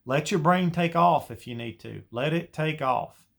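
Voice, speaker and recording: A man's voice: a little high, unhurried, creaky. A man giving an earnest spoken devotional teaching, coaching listeners through a breathing prayer practice with many repeated phrases. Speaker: Christian teacher.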